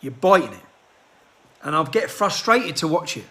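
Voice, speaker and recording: A man delivering an agitated rant into his handheld phone, firing off rhetorical questions and clearing his throat. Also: a little high, sing-song, normal speed, pushed and bright. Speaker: political activist. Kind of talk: impassioned rant to a phone camera.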